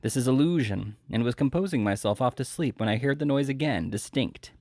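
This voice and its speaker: A man's voice: mid-range voice, expressive, brisk, darkish tone, no echo, clean studio sound, natural voice. A man reading the lines of a pompous middle-aged male butler in an audiobook, telling his tale with boastful drama.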